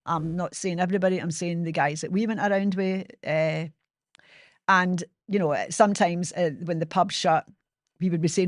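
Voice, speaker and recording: A woman's voice: lowish voice, moderate pace, no echo, clean studio sound. A Glaswegian Scottish woman in her sixties, telling personal stories as a podcast host in a frank, chatty way, swearing freely and poking fun at herself. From Scotland. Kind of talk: personal storytelling monologue.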